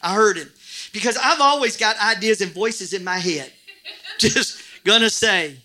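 A middle-aged pastor preaching in a church. His voice sits high for a man and rings bright and forceful. He jokes with the room and breaks into shouts. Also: measured pace. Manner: animated, jokey preaching with bursts of shouting. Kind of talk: sermon.

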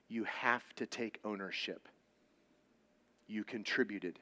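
A man preaching a sermon at youth services, telling personal stories bluntly and with jokes, his volume swinging between loud and hushed. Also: on the low side, normal speed, pauses often. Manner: blunt, joking storytelling.

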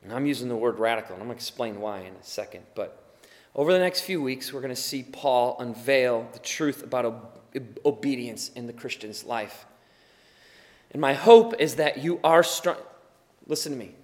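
A tired man preaching as a pastor, earnest and swinging from quiet to loud emphasis. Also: medium pitch, normal speed, long reverb tail. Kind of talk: sermon.

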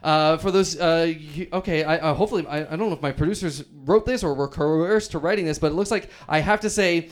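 A man hosting a comic talk show, halting and stammering in a mock-earnest way. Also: on the high side. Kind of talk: improv comedy.

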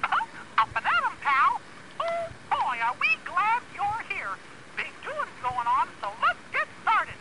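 A man voicing a cheerful cartoon mouse in a high, squeaky, chipper manner. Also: wildly swooping pitch, takes it slowly, long pauses, pushed and bright, no echo, exaggerated voice, low-quality recording.

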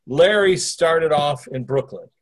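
A man's voice: fairly high pitch, expressive, slow. A man hosting a conversation, asking long wandering questions full of restarts. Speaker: host interviewing a spirit through a medium. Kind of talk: casual interview talk.

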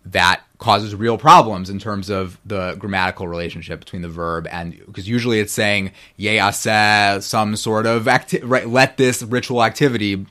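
A man's voice: lowish voice, steady tone, normal speed, few pauses, bright, forceful tone. A man lecturing on biblical Hebrew grammar in a rambling, self-correcting way. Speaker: guest scholar.

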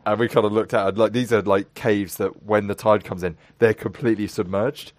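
A man in his twenties hosting a casual chat, telling animated stories and acting out voices. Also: fairly low pitch, brisk, no echo. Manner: animated storyteller, acts out voices, laughs often. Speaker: podcast host.

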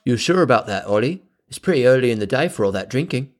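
Hammy young goddess with a bad Cockney accent, played by a man going high and lively. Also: fast. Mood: teasing. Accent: British. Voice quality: exaggerated fake Cockney twang. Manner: high, squealing, theatrical. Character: excitable young British goddess, bossy friend.

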